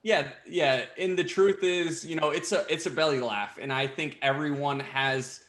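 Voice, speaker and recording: A man's voice: on the high side, normal speed, a bit bright. A young man, a pro baseball player, chatting casually as a guest with frequent laughs and fillers. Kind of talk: casual interview chat. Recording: echoey room.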